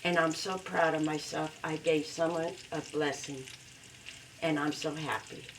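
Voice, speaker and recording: A woman in a home kitchen talks through a recipe at an unhurried, drawn-out pace, now and then letting out loud whoops of delight. Her voice sits at a middle pitch and is picked up from a little way off the mic, with faint kitchen noise and frying underneath. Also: flat delivery, distant mic, poor audio. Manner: slow, heartfelt talk broken by loud whooping cheers. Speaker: home cooking vlogger. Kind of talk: casual cooking demonstration.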